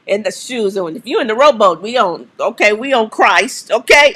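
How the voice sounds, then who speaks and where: A woman's voice: fairly high pitch, expressive, moderate pace, a bit bright, slightly rough. A woman hosting a live stream, answering viewer questions in an emphatic, preacherly way and coaxing the audience again and again. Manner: emphatic, repeats "okay?" and "come on", coaxing the audience; preacherly call-and-response cadence.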